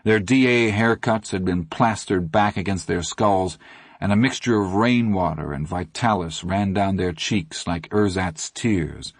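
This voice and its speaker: A man narrating an audiobook in a steady, measured way. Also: deep voice, no echo, clean studio sound.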